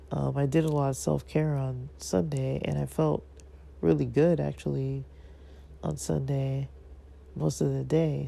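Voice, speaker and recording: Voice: mid-range voice, gravelly, mellow, slight background noise. A vlogger with a stuffy nose talking to the audience in a casual, reflective monologue, hesitant and rambling with many fillers.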